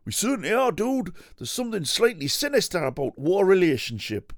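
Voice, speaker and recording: A man doing an excitable male telly cook in a squeaky voice pushed well above his own. He gets sarcastic and loud, and swears a lot. The recording is dry and close. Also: fairly quick, no room sound. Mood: chirpy. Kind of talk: comic impression.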